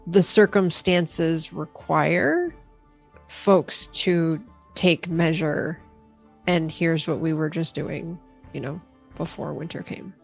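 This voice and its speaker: Woman player, lowish voice, hesitant, faint music. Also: slow pace, vocal fry, slightly rough. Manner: thinking aloud, hesitant. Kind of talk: casual tabletop play.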